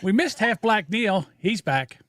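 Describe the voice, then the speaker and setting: A man's voice: high-pitched, expressive, a little slow, fairly bright tone, dry recording, clean studio sound. A man co-hosting a podcast in casual chat, teasing his co-host and playing listener voicemails.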